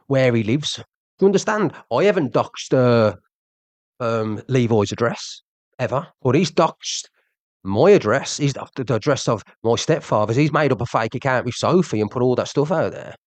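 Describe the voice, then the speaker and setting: A man's voice: medium pitch, no echo. A young man in a heated rant to his audience, agitated and repetitive, pressing his listeners with questions. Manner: agitated, keeps asking "do you understand", repeats himself. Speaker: social media streamer.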